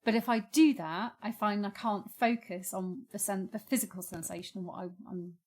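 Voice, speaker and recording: A woman's voice: mid-range voice, fairly even intonation. Frank, laughing woman podcast co-host. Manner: frank, joking, quick to laugh. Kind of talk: casual chat. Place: home room. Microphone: podcast microphone.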